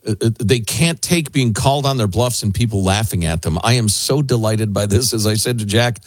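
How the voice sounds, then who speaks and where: A man hosting a talk radio show, chatting casually in a sarcastic, deadpan way. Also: fairly low pitch, brisk, no echo.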